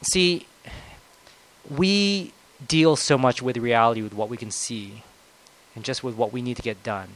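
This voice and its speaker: A man's voice: medium pitch, low-quality recording. Man preaching a conversational sermon. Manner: conversational, swings between loud emphasis and soft reflection.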